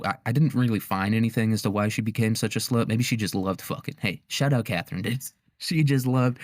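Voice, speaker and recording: Crude rambling young man, low dry voice. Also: dry recording. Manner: crude, rambling, laughs often, heavy slang. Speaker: podcast host. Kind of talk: casual comedic history monologue.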